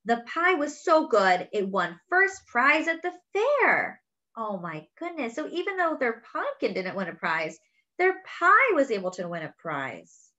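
A woman reading a picture book aloud to children, expressive and exclaiming over the pictures. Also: a little high, a little slow, dull audio. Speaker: children's story reader. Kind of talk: read-aloud storytelling.

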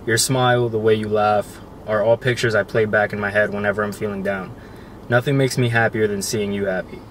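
A young man reading a heartfelt love letter aloud on a couple's vlog, soft and emotional, close to choking up. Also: fairly low pitch, steady tone, a little fast. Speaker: couple vlogger. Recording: faint background noise.

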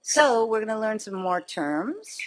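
A middle-aged woman physician gives a conversational medical lecture in a sing-song voice on the high side. She's chatty and self-mocking, telling anecdotes with quick wit.

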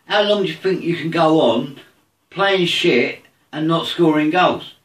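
A man's voice: on the high side, measured pace, reverberant, far from the mic. A man ranting angrily about his football team, swearing constantly. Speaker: football fan. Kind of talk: angry rant to camera.

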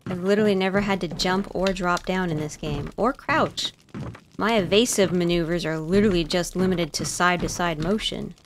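A woman's voice: lowish voice, moderate pace, background noise. A young woman streamer chatting casually to her viewers while playing a game, often flustered and panicky. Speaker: gaming streamer. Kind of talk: casual gameplay commentary.

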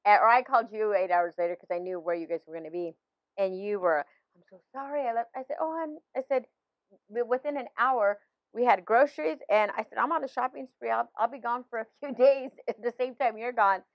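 A woman's voice: on the high side, a little fast, no echo, highs cut off. A woman in her fifties, a pastor, sharing a personal faith story in conversation with many restarts and laughs.

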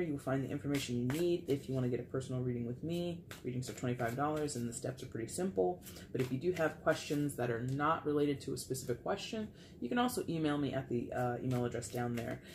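A woman with a notably low voice gives a casual tarot reading, speaking directly to her viewers in a chatty way. She murmurs half to herself as she lays out the cards. A steady hiss of background noise runs under the recording. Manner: chatty, talks straight to viewers, mutters while flipping cards. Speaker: tarot reader.

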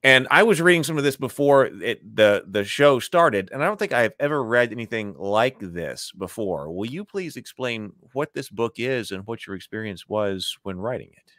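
A man hosting an interview podcast, speaking in a casual, halting way with frequent restarts. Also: medium pitch, expressive, a bit bright, no echo, clean studio sound. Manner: halting, restarts his sentences. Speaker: podcast host.

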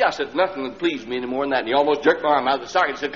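A man's voice: medium pitch, racing, few pauses. A man preaching a sermon, telling a story in a folksy way and acting out the voices of the people in it. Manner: folksy storyteller who acts out the people in his story, rising to loud pleading. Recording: old LP sermon with hall reverb, dull lo-fi sound and faint hum.

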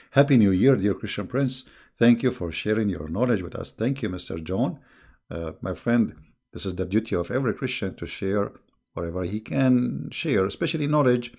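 A man's voice: lowish voice, animated, normal speed, gravelly, darkish tone, breathy edge. A middle-aged man hosting a casual online livestream, talking in a sarcastic, mocking way and chuckling often. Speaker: online religious debate host.

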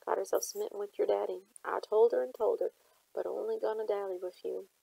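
A guarded, grieving elderly servant woman speaks in short, folksy phrases, as a woman reads her in an audiobook. The voice is warm and husky with some gravel. It sounds dry and close, with no room around it. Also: medium pitch, fairly even intonation, brisk, dry recording, rough recording. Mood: weary scolding. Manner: folksy nonstandard grammar, terse. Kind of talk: audiobook character reading.

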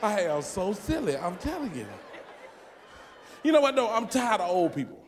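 A man with a strikingly high voice performs stand-up comedy in a big theater, loud and often shouting his punchlines into a handheld mic. A large crowd roars around him, and the live recording carries plenty of noise. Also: big pitch swings, moderate pace.

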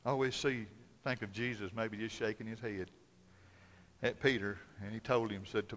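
Guy pastor preaching in a big echoey church, bright punchy voice, goes loud then real quiet. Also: on the low side, fairly even intonation, normal speed. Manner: dramatic storytelling, swinging from loud to hushed. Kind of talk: sermon. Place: church sanctuary. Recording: long church hall reverb.

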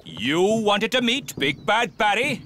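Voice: mid-range voice, big pitch swings, takes it slowly, noisy background. An actor voicing a bossy, commanding boat captain in a children's cartoon. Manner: commanding, theatrical. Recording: music behind the voice.

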